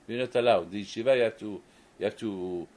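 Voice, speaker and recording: A rabbi with a fairly low, slightly mellow voice gives a sermon and tells a story, speaking fast in non-native English phrasing and often restarting and repeating words. The recording is rough.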